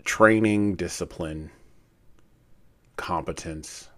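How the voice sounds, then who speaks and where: A man reading a war memoir aloud in a measured way with dramatic pauses, then commenting on it. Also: low-pitched. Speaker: reader and commentator.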